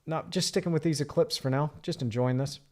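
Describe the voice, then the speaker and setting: A man's voice: fairly high pitch, brisk, mellow. A man streaming live from his art studio, chatting in a reflective, rambling way while he paints. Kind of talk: casual livestream chat.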